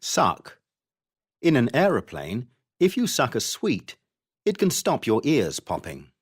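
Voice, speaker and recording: A man reading vocabulary explanations and example sentences for a textbook, clearly and expressively. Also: medium pitch, huge pitch swings, slow. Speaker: textbook audio reader.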